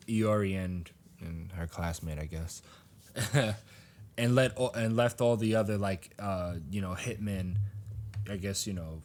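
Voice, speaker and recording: Low-voiced man recapping a story. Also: slight background noise. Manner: animated, laughing, acts out character lines. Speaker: podcast co-host. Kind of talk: casual chat recapping a manga chapter.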